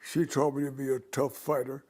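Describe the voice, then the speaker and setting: An older man, an interview guest, telling stories from his life in an unhurried, reflective way. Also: medium pitch, little pitch movement, a little mellow. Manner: unhurried, reflective storytelling with small restarts. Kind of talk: storytelling in conversation.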